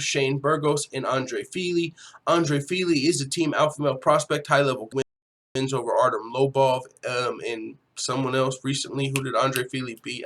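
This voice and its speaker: Young dude streaming from home, laid back, cusses a lot, talks to chat. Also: male voice, medium pitch, fairly bright tone. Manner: laid-back, swears freely, reads chat aloud. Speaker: livestream host. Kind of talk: casual livestream commentary.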